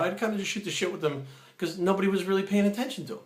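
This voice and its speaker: A man telling a story in a casual vlog, animated, acting out other people's lines. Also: high voice, racing. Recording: echoey room.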